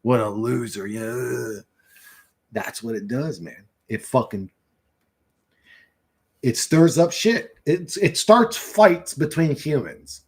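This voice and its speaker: A man's voice: on the high side, very animated, slow pace, darkish tone, slightly rough. A man in his thirties hosting a livestream, ranting in a rambling, profane, conspiratorial monologue into a computer mic at his desk. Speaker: livestream host.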